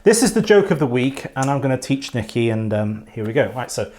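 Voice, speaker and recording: A man hosting a silly comedy show, playful and quick to laugh. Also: medium pitch, big pitch swings. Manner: playful, giggly, bursts into loud laughter.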